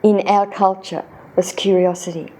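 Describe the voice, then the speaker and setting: An Australian woman telling childhood stories in a relaxed interview, lifting her voice when quoting her younger self. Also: mid-range voice, moderate pace. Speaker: interview guest. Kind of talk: storytelling in casual conversation.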